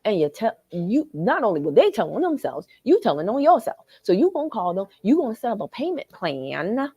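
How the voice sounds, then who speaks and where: A Southern woman hosts a live chat, husky and a little raspy, her pitch leaping up and down as she gets worked up. She talks straight to her viewers, and the sound is close and dry. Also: very animated, a little fast, mellow, no echo. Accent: Southern American. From American South. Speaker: livestream host. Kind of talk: animated live chat reading comments. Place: hotel lobby.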